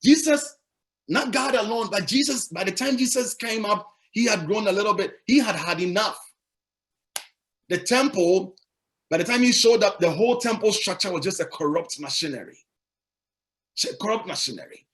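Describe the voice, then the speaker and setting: A man's voice: high voice, animated, moderate pace, a bit bright. A male pastor preaching a sermon, emphatic and repetitive, asking the congregation rhetorical questions.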